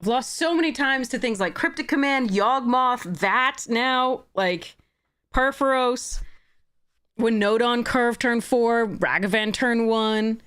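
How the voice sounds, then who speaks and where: A woman streamer giving gameplay commentary on a livestream, swearing and ranting in frustration, with high shouted bursts. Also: slow pace, clean tone.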